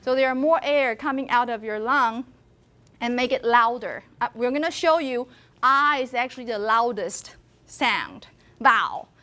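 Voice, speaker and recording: High-voiced woman lecturing. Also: measured pace, bright, forceful tone. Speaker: university linguistics lecturer. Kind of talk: classroom lecture. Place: classroom.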